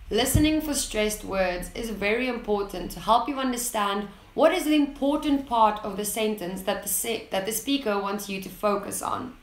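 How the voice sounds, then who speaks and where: A woman teaching English in a scripted lesson, speaking clearly and leaning on the important words. Her voice sits a little high. The room gives it a noticeable echo. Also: expressive. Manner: clear, deliberate, stressing key words. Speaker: English teacher, channel host. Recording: roomy echo.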